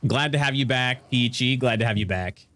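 A man's voice: medium pitch, normal speed, fairly bright tone, dry recording. A man from central Illinois giving casual live commentary while streaming a game, thinking aloud and greeting his chat. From central Illinois, USA.

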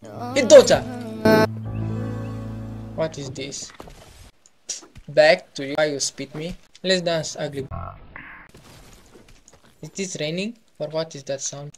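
A man giving casual gameplay commentary as a YouTuber, playful and excitable, throwing in silly sound effects. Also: on the high side, slow, long pauses, over music. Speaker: gaming YouTuber.

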